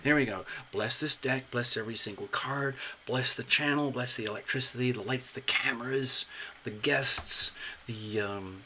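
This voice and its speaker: A man hosting a live-stream tarot reading, chatty and excitable, talking straight to viewers and clients. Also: medium pitch, moderate pace, background noise. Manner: chatty, excitable, laughs often. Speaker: tarot reader, channel host.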